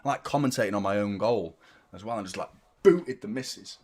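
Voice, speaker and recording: A man's voice: on the low side, brisk, noisy background. A man, chatting casually and self-mockingly as host of a football watchalong stream, swearing freely. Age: 30s. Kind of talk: casual live-stream chat.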